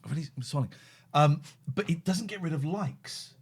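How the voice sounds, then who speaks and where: A man hosting a live stream, animated and sweary, easily wound up. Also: on the high side, fairly quick, husky. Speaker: host. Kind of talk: casual live-stream chat.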